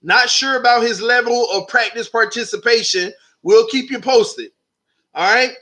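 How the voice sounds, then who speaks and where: A man hosting a live sports stream, talking animatedly and arguing with chat comments. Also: high-pitched. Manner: animated, talks back to chat readers. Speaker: sports channel host.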